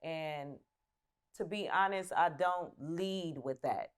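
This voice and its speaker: Middle-aged woman guest, very low voice, unhurried, relaxed and easy-laughing. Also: clear, resonant tone. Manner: relaxed, laughs easily, hesitant restarts. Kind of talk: casual interview chat.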